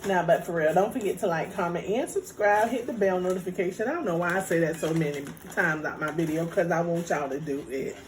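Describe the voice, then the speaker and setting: A woman vlogger chatting casually while eating, playful and quick to laugh. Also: fairly low pitch. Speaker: mukbang vlogger. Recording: noisy home recording.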